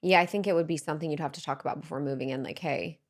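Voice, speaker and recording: A young adult woman co-hosting a podcast, blunt and emphatic in casual chat. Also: low-pitched. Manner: blunt, emphatic, quick affirmations. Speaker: podcast co-host.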